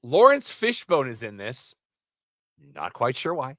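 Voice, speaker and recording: A man co-hosts a casual podcast and works through movie plots in a rambling, animated way. His pitch swings widely as he talks. The sound is dry and close, with no room around it. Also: measured pace, no room sound. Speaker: podcast co-host.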